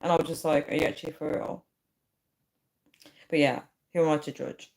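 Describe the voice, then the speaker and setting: A woman's voice: low voice, steady tone, a little fast, vocal fry, darkish tone. Giggly woman chatting on a livestream. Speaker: livestream host. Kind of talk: casual live chat reading comments.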